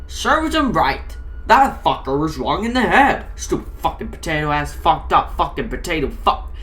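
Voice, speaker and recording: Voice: mid-range voice, sing-song, normal speed, fairly bright tone. A woman playing a spiteful, cursing toy doll man. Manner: ranting, cursing.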